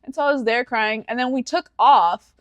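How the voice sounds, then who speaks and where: A young woman in her twenties talks through a story on a casual podcast, her voice sitting a touch high. She acts out every quoted line and keeps the talk loose and full of fillers. The sound is close and dry. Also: moderate pace, a bit bright, no room sound. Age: 20s. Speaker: podcast co-host. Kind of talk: casual chat.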